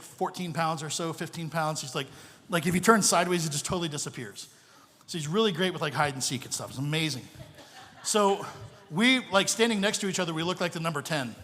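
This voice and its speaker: Joking man preaching in a reverberant church. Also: high-pitched. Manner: animated, joking storyteller. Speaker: missionary pastor, guest speaker. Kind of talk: storytelling sermon. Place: church sanctuary. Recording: long reverb of a church hall.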